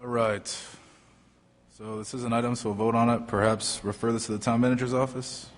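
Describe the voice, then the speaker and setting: A man chairing a town council meeting, calling motions and votes in a brisk, procedural way. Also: mid-range voice, level tone. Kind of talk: running a meeting. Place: council chamber. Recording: reverberant council chamber.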